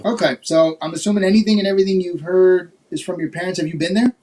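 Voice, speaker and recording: Male host from Florida, high voice, loose questioning style with many fillers. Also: fairly even intonation, fast, warm tone. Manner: laughs often, asks questions with many fillers. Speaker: podcast host. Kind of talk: casual chat.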